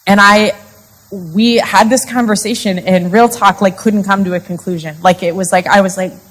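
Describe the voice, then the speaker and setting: A woman's voice: medium pitch, steady tone, moderate pace, poor audio. A woman speaking candidly about faith and marriage to a live conference audience, chatty and confessional, leaning on "like" as she talks. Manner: chatty and confessional, with frequent "like" fillers. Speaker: conference speaker and podcast co-host. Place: live women's conference session.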